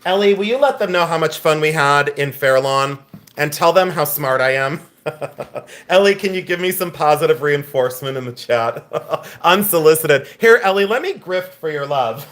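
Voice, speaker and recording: A man running a live online auction, chatting and joking with viewers by name while pitching each item with breezy enthusiasm. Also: moderate pace, fairly bright tone. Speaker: live-stream auction seller.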